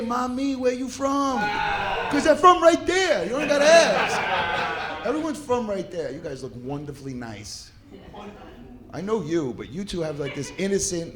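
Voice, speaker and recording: Brash New comic working the crowd. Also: male voice, high voice, background noise. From New York. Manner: brash, profane, animated banter with audience. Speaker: stand-up comedian. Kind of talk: crowd work stand-up. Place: comedy club stage. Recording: crowd laughter in club.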